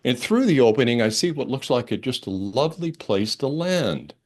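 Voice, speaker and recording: An older man, a minister, telling a personal story during a church sermon, expressive and conversational, dropping to a hush and rising with excitement. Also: medium pitch, moderate pace. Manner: expressive, dramatic storytelling with big swings between hushed and excited; conversational, with fillers and restarts. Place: church service.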